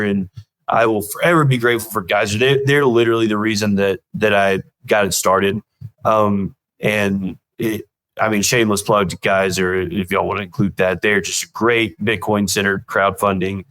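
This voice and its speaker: Male guest, low voice, animated anecdotes, dry booth sound. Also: moderate pace, no echo, rough recording. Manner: rambling, self-deprecating, animated anecdotes. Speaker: guest comedian and show creator. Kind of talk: casual interview storytelling.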